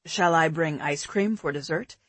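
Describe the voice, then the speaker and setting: A woman narrator voicing a calm, caring adult man in an audiobook, speaking steadily and methodically. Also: deep voice, normal speed, dry recording, pitched below the performer's own voice. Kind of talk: audiobook character voice.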